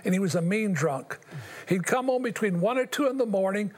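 An older man, a guest in an interview, telling his personal testimony in an earnest, halting way with long pauses. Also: high-pitched, expressive.

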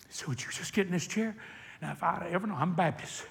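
An older preacher with a high, gravelly voice tells his story from the pulpit. His tone is bright and edgy, and he drops to a hush before surging into loud, fiery preaching. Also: fairly quick, big-room sound. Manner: swings from hushed retelling to shouted preaching. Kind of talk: sermon storytelling.

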